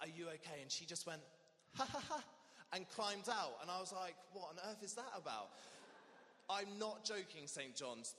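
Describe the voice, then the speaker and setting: A young man, a vicar, telling a humorous story in a lively sermon. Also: high voice, long reverb tail. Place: church.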